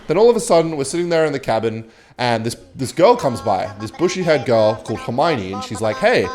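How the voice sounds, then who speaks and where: A young man with a London accent, casually telling a comic, swearing story while playing a game, with quick jumps in his voice. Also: medium pitch, sing-song, a little mellow, soft background music. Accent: London English. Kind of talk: casual storytelling over gameplay.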